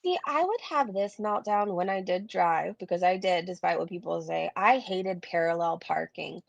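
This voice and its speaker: A woman streamer talks in a loose, chatty way, reading out viewer comments and tossing in blunt asides. Her voice has a gravelly fry at mid pitch, and the sound is dry and close. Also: moderate pace, no echo, muffled recording. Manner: chatty, reads viewer comments aloud, frequent swearing and laughs. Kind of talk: casual live-stream commentary.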